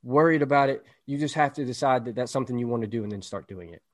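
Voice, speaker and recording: A man's voice: medium pitch, racing. Man giving an emphatic motivational pep talk. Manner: motivational, emphatic, lots of "right?". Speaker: podcast co-host. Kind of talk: casual podcast chat.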